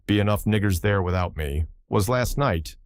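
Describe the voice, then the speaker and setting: A man voicing a tired, sharp-tongued Southern washerwoman speaking in dialect, pitched up. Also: normal speed, dry recording, natural voice. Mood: scolding.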